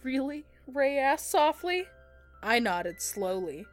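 A woman's voice: high voice, sing-song, slow pace, soft background music. Laughing woman reading fan fiction. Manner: reads aloud, often breaking into laughter. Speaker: podcast co-host reading fan fiction aloud.

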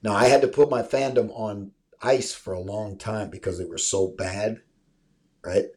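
Hosting a sports show over a remote call mic, a man speaks casually yet emphatically, often tagging "right?" onto his points. His voice is lowish and darkish, with fairly even intonation and a normal speed.

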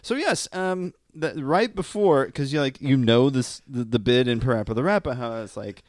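A man co-hosting a podcast in casual chat, laughing often and rambling, trailing off quietly. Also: medium pitch, moderate pace, few pauses, no room sound, studio quality. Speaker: podcast co-host.

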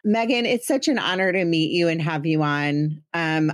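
A woman in her thirties hosts a podcast in a chatty, teasing and self-deprecating way. Her voice sits a little low, and the sound is dry and close with no room echo. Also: normal speed. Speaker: podcast host. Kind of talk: casual chat.

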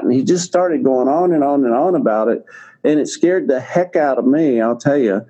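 A man's voice: medium pitch, normal speed, mellow, lo-fi sound. An older man telling a long personal story in a casual, rambling way, with many fillers and restarts. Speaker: guest telling his health story.

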